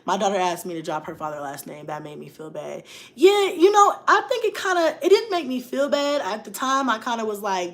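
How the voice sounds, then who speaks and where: A woman's voice: mid-range voice, very animated, a little fast. A woman in her thirties talking frankly and emotionally to livestream viewers, often laughing and reading comments. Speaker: mom vlogger on a livestream. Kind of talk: candid livestream chat.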